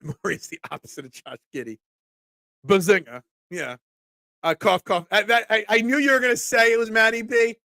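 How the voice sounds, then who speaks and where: A man's voice: sits high, normal speed, bright, forceful tone, no room sound, studio quality. A man in his forties hosting a casual sports talk stream, congested and cracking, rambling as he answers chat comments. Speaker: sports talk show host.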